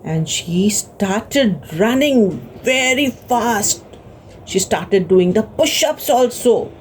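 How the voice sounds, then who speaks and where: A woman with an Indian English accent telling a story to children, expressive and gasping, asking the children questions. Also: medium pitch, slow pace, slight background noise.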